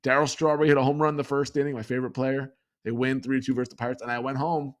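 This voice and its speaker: A man from New York spins a long story as a podcast guest, his voice sitting in an ordinary middle range. He's an animated teller who slips into quick voices for the people he describes. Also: medium pitch. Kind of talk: storytelling in a conversation.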